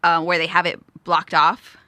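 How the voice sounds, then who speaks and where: A woman co-hosting a radio show, chatting casually and retelling events with animated quoted voices. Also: on the low side, moderate pace, dry recording. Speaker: radio co-host. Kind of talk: casual chat.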